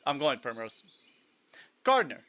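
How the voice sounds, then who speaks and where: A man's voice: medium pitch, sing-song, unhurried, bright, forceful tone. A man live-streaming a game in casual chat, reading lists aloud, musing, and chuckling often.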